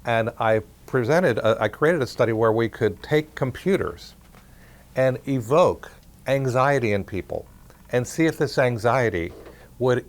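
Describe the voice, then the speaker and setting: A man at a middle pitch tells of his research to an audience. His talk is easygoing and conversational, with the odd restart, and he plays out the lines of the people in his story. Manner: conversational, acts out quoted dialogue. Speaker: parapsychology researcher.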